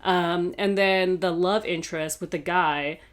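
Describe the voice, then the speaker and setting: A woman hosting a casual film review chat, animated and swearing, breaking into quick voices of the characters. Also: lowish voice. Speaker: video host.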